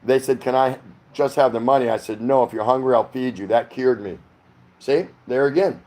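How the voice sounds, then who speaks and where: Easygoing middle-aged American livestream host. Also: male voice, mid-range voice, normal speed, mellow. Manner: rambling, reads viewer comments aloud and chats back. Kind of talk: casual livestream chat. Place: home in the Philippines.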